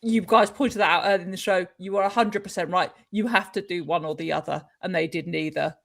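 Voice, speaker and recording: A woman's voice: fairly low pitch, fairly even intonation, a little fast, gravelly, fairly bright tone. A woman speaking as a guest on a casual football podcast, giving firm, emphatic opinions.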